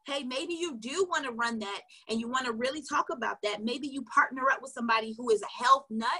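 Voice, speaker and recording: A woman's voice: a little high, a little fast, bright, forceful tone, breathy edge. A woman sales coach giving casual, emphatic advice straight to her viewers, chatty and often laughing. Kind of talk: casual motivational coaching talk. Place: recorded for an online video.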